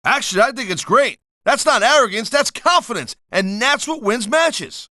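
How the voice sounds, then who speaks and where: A man's voice: very high voice, lively intonation, normal speed, bright, forceful tone, dry recording, studio quality. A middle-aged man doing color commentary for a wrestling video game, blunt and wisecracking with tough-guy slang.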